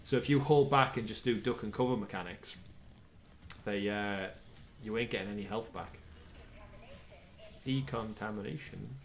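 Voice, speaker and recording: Lower-voiced man calling out gameplay. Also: fairly even intonation, moderate pace. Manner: chatty, calls out game action. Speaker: livestream co-host. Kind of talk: casual gameplay commentary.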